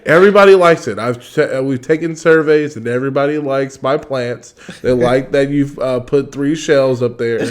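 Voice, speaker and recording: A young man co-hosting a relaxed podcast chat with his partner. He teases playfully and laughs easily, with a voice sitting at an ordinary middle pitch for a man. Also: normal speed, hardly any pauses. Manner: playful, teasing, laughs often. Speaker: podcast co-host. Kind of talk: casual chat.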